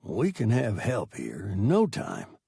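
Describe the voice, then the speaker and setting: A man voicing a tough older male spaceship captain who speaks firmly while trying to sound soft. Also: on the low side, huge pitch swings, slow pace, vocal fry, slightly rough, dry recording, studio quality, full character voice.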